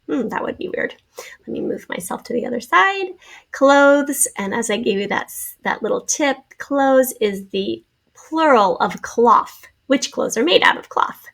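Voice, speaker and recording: A woman's voice: medium pitch, a little slow, creaky, fairly bright tone. A woman teacher giving a spelling lesson to young pupils, patiently sounding out letters and syllables for a class video.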